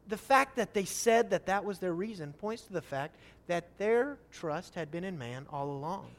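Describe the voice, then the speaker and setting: Guy preaching a sermon, pretty high voice, acts out the bible people, punchy questions. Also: animated, moderate pace, hardly any pauses. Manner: acts out voices of Scripture figures, rising emphatic questions.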